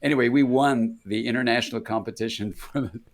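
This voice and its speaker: A man's voice: medium pitch, brisk. An older American man, a psychiatrist and interview guest, telling casual anecdotes with many restarts and acted-out voices. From United States. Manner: rambling, self-interrupting, acts out voices in anecdotes. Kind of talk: casual conversational storytelling.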